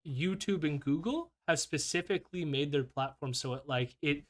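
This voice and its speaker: A man's voice: fairly high pitch, normal speed. Rambling chatty male podcast host. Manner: loose, rambling, peppered with "like" and laughs. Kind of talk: casual chat.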